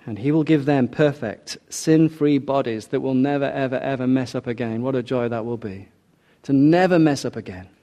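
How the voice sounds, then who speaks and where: A male preacher speaks earnestly and deliberately in a warm, mellow, mid-range voice, slowing for the key lines. The audio sounds dull.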